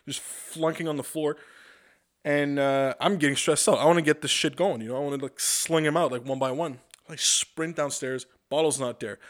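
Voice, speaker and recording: A man casually telling a work story, profane and animated, acting out what people said. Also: a little high. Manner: profane, animated, acts out quotes.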